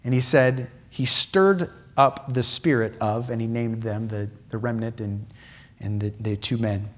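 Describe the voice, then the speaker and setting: A man's voice: medium pitch, steady tone, measured pace, fairly bright tone. A man preaching a sermon in a church, impassioned, with repeated phrases and many restarts. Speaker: pastor.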